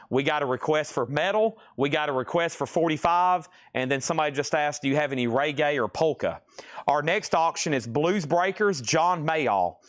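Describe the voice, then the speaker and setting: Hosting a live-stream vinyl auction, a man with a voice on the high side chats and jokes with buyers while calling out prices and bids. He's out of breath from hauling crates.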